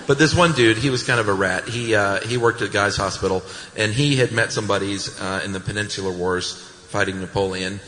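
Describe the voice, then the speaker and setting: An American man co-hosting a podcast live on stage, telling a story with relaxed, laughing banter. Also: fairly low pitch, brisk, few pauses. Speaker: podcast co-host. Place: large hall with live audience. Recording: echoey hall recording.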